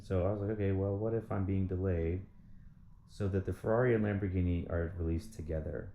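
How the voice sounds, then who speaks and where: A man's voice: low-pitched, steady tone, fast talker, dark tone, echoey room, slight background noise. A man talking in a casual monologue, rambling and swearing as he rants in frustration. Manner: rambling, profane, frustrated ranting. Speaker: vlogger.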